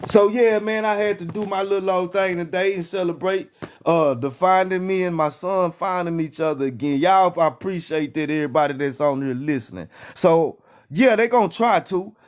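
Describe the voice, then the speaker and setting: This man's voice is high and moves at a moderate pace. Preaching with fire on a live stream, the Texan-accented online preacher hammers his lines over and over, as if in call and response.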